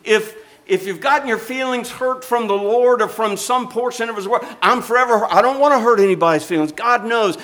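A man's voice: extremely high pitch, a little fast, hardly any pauses, fairly bright tone. An older man preaching a sermon, rising and falling in intensity and calling for amens. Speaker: pastor.

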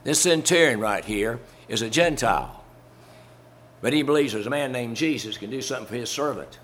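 A man's voice: medium pitch, expressive, a little fast, a bit bright. A man preaching a sermon in a folksy, conversational way, chuckling as he talks through a Bible story to his congregation.

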